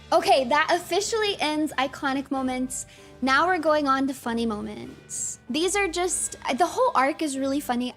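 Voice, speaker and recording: A fairly high-voiced woman gives excitable livestream commentary, gushing and laughing as she talks, with plenty of "like" and "um". Soft music plays quietly behind her. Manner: excitable and gushing, laughs often, many fillers. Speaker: streamer.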